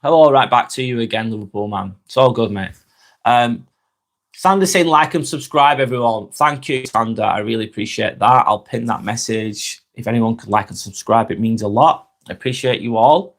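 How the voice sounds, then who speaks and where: A relaxed man with a Lancashire accent, chatting live to viewers in a mid-range voice. He reads their comments out and replies in a friendly, unhurried way. His sentences often trail off softly at the end. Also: mid-range voice. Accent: Northern English, Lancashire. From Northwest England. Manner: laid-back and friendly, trails off quietly at phrase ends, stumbles over words. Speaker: vlogger hosting a live stream.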